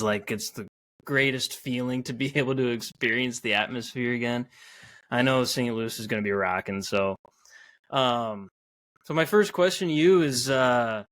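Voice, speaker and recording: A man's voice: medium pitch, fairly bright tone. A young man co-hosting a podcast, reading a sponsor plug and introducing a guest in an upbeat way with fillers. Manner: upbeat, uses um and uh. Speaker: podcast co-host. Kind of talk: casual podcast chat and ad read.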